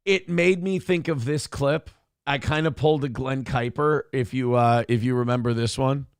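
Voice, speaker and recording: A man hosting a morning talk show in casual chat, rambling and animated, swearing freely with lots of fillers. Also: mid-range voice, normal speed, creaky, clean tone, dry recording, studio quality.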